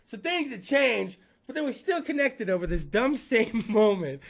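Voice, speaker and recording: A man's voice: extremely high pitch, sing-song, moderate pace, gravelly. A man hosting a podcast, telling rambling comic stories full of profanity and frequent laughter. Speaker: podcast host. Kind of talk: comedic storytelling monologue.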